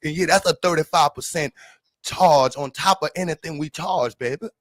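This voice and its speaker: A man's voice: a little high, normal speed, fairly bright tone, no room sound, voice pushed up. A man voicing a sassy southern woman who overcharges a New Yorker, in a sing-song drawl with a Southern US accent, calling everyone baby. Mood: mocking.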